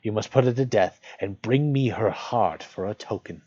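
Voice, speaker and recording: A man's voice: fairly low pitch, moderate pace, mellow, slightly rough, no room sound, dull audio. A man reading a proud, cold queen. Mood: commanding.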